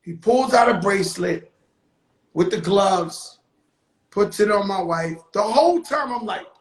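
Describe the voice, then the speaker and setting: A man hosting his own live stream, telling a story in a casual, animated and profane way, with sudden shouted bursts. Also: sits high, measured pace, reverberant, rough recording. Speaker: livestream host telling a story. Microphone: phone on a live stream.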